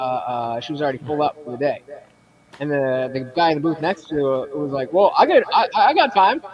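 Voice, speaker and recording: A man chats on a casual live stream as a guest, his voice a little higher than usual. He wanders through stories, full of fillers and false starts. A crowd can be heard behind him. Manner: rambling storyteller, heavy on "uh" and "like".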